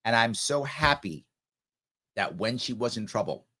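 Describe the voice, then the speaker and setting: A man's voice: medium pitch, lively intonation, a little slow, pushed and bright, breathy edge. A man in his forties hosting a show, speaking earnestly and emotionally in a heartfelt personal monologue with repeated emphasis. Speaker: show host.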